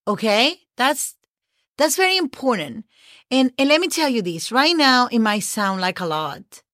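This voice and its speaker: A woman's voice: a little high, fairly bright tone, no room sound, clean studio sound. A woman with a Spanish accent, a native Spanish speaker, teaching a casual language lesson, spelling out words and encouraging her listeners. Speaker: Spanish teacher, podcast host.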